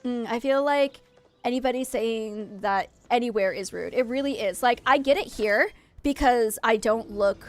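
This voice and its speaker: Chatty woman streamer. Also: fairly high pitch. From United States. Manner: chatty, frank, quick to vent. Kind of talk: casual chat with viewers.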